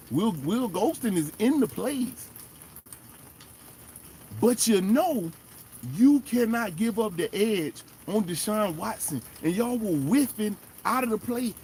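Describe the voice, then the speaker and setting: Animated man ranting as a football fan. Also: high voice, a little hiss or hum. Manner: animated, emphatic, talks straight to players. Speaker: sports fan show host. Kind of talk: casual fan commentary.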